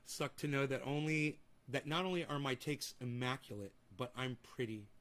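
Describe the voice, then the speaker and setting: With a medium-pitched, fairly bright voice and a moderate pace, the young man running the livestream rants through the chat, reading comments and snapping back profanely and sarcastically.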